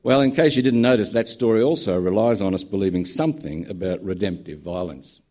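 A man's voice: low voice, brisk, a little mellow. A man preaching a sermon in a conversational storytelling manner, with dry humour. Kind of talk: sermon with a told joke.

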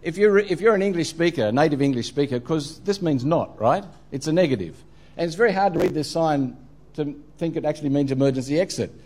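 A man's voice: fairly high pitch, lively intonation, fairly quick, a little mellow, a little hiss or hum. A middle-aged Australian man preaching a sermon, telling funny travel stories with plenty of ums and uhs. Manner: humorous storytelling, frequent ums and uhs. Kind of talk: sermon with anecdotes.

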